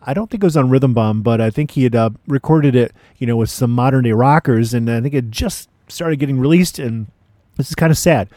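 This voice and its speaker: A man's voice: mid-range voice, fairly quick, mellow, dry recording, clean studio sound. A man hosting a radio music show, chatting in a laid-back way between records with frequent fillers. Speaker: radio DJ host.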